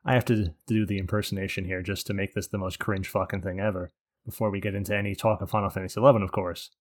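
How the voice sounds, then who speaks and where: A man's voice: low-pitched, level tone, quick pace. A man hosting a casual gaming podcast, crude and sardonic, swearing often. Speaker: podcast host.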